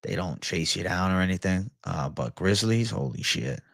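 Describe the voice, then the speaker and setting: A young man hosting an MMA livestream, chatting casually and reading comments in a profane, excitable bro style. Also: deep voice, moderate pace, creaky, no room sound, clean studio sound. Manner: profane, excitable, laid-back bro talk.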